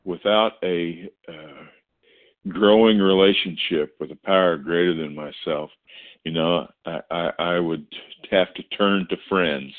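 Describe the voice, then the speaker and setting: Very deep-voiced man, halting share. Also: steady tone. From Oklahoma. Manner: hesitant, repeating words, many fillers. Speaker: meeting member sharing. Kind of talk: personal share at a recovery meeting. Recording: tinny phone-like call audio.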